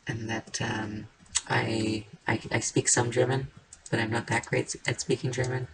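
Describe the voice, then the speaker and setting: A woman giving casual, rambling commentary while building in a game, playful, with sing-song noises and soft murmured asides. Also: extremely low pitch, level tone, measured pace, slightly rough, poor audio. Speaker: game streamer. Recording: keyboard and mouse clicks behind the voice.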